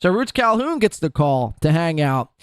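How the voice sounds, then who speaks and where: A man's voice: a little high, very animated, moderate pace, clear, resonant tone, dry recording, studio quality. A man hosting a podcast in a casual, crude, mocking way, swearing freely. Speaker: podcast host.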